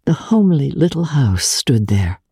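A woman giving a measured, expressive dramatic reading of a classic novel on a close studio mic. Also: rumbling low, breathy edge, no room sound. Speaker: reader.

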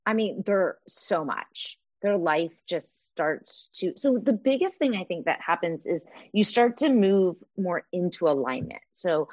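A woman's voice: on the low side, animated, a little slow, hardly any pauses, a little mellow, no room sound, highs cut off. Direction: you're a woman guest coach in a casual interview, earnest and encouraging, with plenty of "like".

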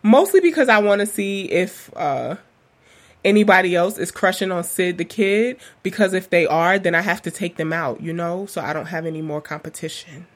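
A woman's voice: lowish voice, moderate pace. Young woman, podcast host, casual monologue, rambling, candid, profane, laughs often.

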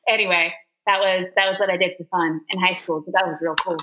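A woman's voice: on the low side, rough recording. Chatty woman voice actor guest. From Zimbabwe. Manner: chatty and animated, quick to laugh. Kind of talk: casual interview.

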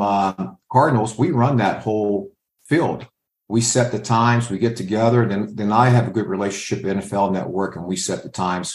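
An older man working as a scout, answering interview questions with anecdotes and acting out what other people said. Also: lowish voice. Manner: storyteller who acts out others' lines. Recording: roomy echo.

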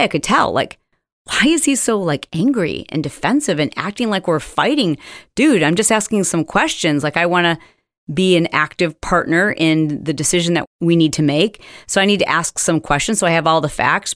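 A woman hosting a casual advice talk, telling stories lively and acting out the lines of people she quotes, with plenty of "like" and "dude". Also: on the low side, no room sound, studio quality. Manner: animated storytelling, acts out quoted dialogue; frequent "like" and "dude" fillers. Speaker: host.

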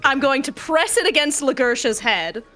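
A woman's voice: sits high, animated, moderate pace, loud music behind the voice. A woman playing a tabletop game, amused and laughing as she declares her actions. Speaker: player.

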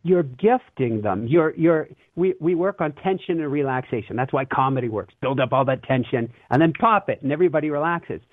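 Man, fairly high voice, earnest energetic storytelling, tinny phone-like line, dry sound. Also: a little fast, few pauses, no room sound. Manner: earnest, energetic, laughs while telling stories. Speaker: interview guest, spiritual teacher. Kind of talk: animated conversational storytelling.

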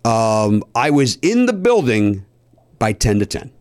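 A man telling a long story in casual podcast chat, animated and a bit profane, with high mock voices for people he quotes. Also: a little slow, smooth, dry recording. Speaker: podcast host.

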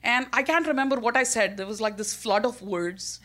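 A woman with an Indian accent telling a personal story on stage, animated and self-mocking, laughing often between lines. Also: on the high side, brisk.

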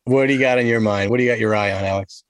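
A man hosting a casual interview podcast, easygoing and quick to laugh as he asks his guests questions. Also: medium pitch, steady tone. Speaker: podcast host.

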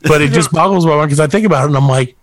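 A man's voice: fairly high pitch, racing, a crowd in the background. A man from the American South co-hosting a casual chat, joking and putting on voices for the people he quotes. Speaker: podcast co-host.

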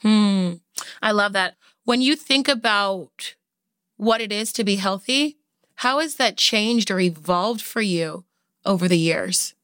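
A woman's voice: medium pitch, takes it slowly, fairly bright tone, no room sound, studio quality. Reflective woman podcast host. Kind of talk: podcast interview.

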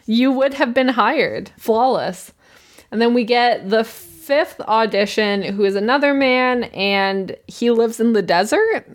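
A woman in her twenties co-hosting a podcast, chatting casually and wryly about a show and laughing easily. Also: a little high. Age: 20s. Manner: chatty, wry, quick to laugh. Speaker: podcast co-host. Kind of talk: casual chat recapping a show.

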